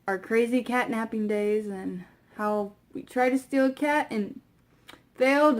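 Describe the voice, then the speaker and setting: Slow-talking young woman rambling through a story. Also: fairly high pitch. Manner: rambling, filler-heavy, trails off into quiet asides. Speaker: vlogger. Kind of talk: casual storytelling to camera.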